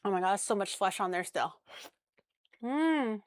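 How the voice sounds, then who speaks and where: Young woman streamer, loose and crude, mid-pitch, dry close-mic sound. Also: animated, normal speed, no echo. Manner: chatty, crude jokes, swears casually. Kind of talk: casual cooking stream chat.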